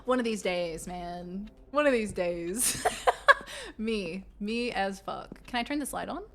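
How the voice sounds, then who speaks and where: A woman streaming a game and chatting casually with her viewers, playful and quick to slip into silly voices. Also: mid-range voice, very animated, creaky, pushed and bright, slight background noise. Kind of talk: casual live-stream chat.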